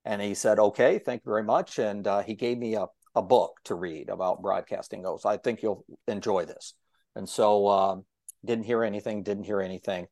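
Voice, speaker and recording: A talkative man with a somewhat low voice spins stories from his broadcasting life. He acts out the dialogue as he goes. The sound is dry and close, with no room behind it. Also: normal speed, no echo. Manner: lively storyteller who acts out quoted dialogue; talkative, self-described yapper. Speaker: guest, longtime broadcaster. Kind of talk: casual storytelling conversation.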